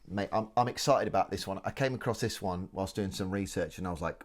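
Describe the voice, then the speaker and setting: A man's voice: low-pitched, a little fast, hardly any pauses. A British man hosting a comedy podcast, chatting casually with a friend and telling a story in a jokey way. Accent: British English. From United Kingdom. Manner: chatty, jokey, says "mate" a lot. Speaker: podcast host.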